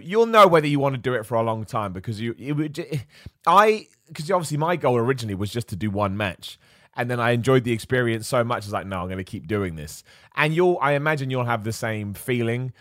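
Male live-stream host, chatty and animated, mid pitch, dry close sound. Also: quick pace, no echo. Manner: chatty, animated, laughs often, repeats himself. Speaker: wrestling show host. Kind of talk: casual live-stream commentary.

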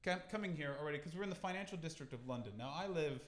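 A Canadian man doing a stand-up comedy set at a London pop-up venue, animated and sweary, with bursts of shouting. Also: fairly high pitch, racing. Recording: echoey live venue, audience noise.

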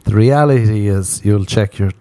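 Brief: lowish, mellow male voice, self-mocking comic rambler with a foreign accent. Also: normal speed. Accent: non-American. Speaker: comedian. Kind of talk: comic monologue.

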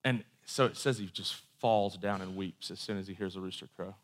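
A man's voice: deep voice, a little fast, hardly any pauses. A man preaching a sermon in a conversational storytelling way, with asides and quoted voices.

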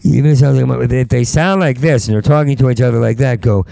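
A man's voice: mid-range voice, fast talker, vocal fry, mellow, no echo. A middle-aged man doing a rambling, profane stand-up rant, stuttering and restarting his words. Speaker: stand-up comedian.

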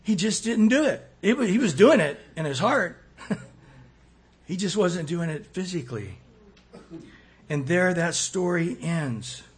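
Man, pastor, husky, fairly high voice, animated sermon, acted-out quotes. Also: measured pace, pauses often. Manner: animated preaching, acts out quoted voices, swings loud and soft.

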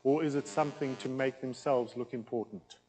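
A man preaching a teaching sermon in a plain, loud, conversational way, with an accent that he says can sound aggressive. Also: mid-range voice, steady tone, fairly quick, in a large hall, a little hiss or hum, low-quality recording. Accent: non-local accent in England. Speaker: pastor teaching a series.

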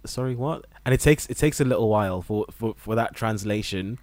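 Lively young doctor with dry, close sound. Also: male voice, fairly low pitch, fairly quick, dry recording. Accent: general English with some Scottish touches. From Nigeria, raised in England. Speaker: junior doctor. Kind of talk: casual podcast chat.

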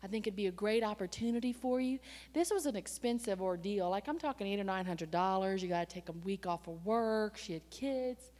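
A woman preaching a sermon and telling a personal story in a lively, conversational way, with sudden surges in pitch and loudness. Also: brisk. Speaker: church staff member and preacher. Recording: long hall reverb.

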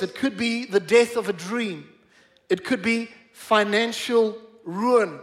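A middle-aged pastor preaches in church with a high voice, emphatic throughout, repeating words for stress and slowing down on key phrases.

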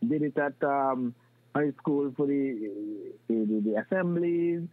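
A man telling stories from his youth in an animated way, often restarting his sentences. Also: medium pitch, unhurried, dry recording. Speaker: guest. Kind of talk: casual storytelling. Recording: dry, tinny phone-like sound.

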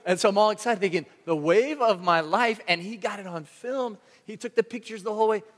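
A man preaching a sermon to a congregation, telling a story with animated energy and acting out his own shouts. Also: high voice, a little fast. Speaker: pastor. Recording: long hall reverb.

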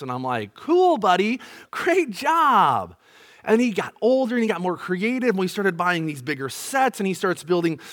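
A man in his thirties preaching a sermon in church, earnest and emphatic, asking his listeners questions. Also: sits high. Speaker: pastor. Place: church, to an online audience.

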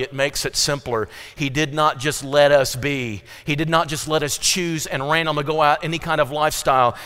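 A man's voice: medium pitch, a bit bright, clear, resonant tone, big-room sound. A man preaching a sermon as pastor, emphatic and rising and falling in intensity.

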